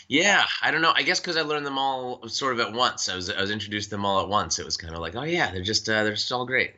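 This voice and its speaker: Low-voiced bright American man, halting talk. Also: expressive, muffled recording. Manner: thoughtful, halting with many restarts and fillers. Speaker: voice actor guest. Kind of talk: casual interview chat.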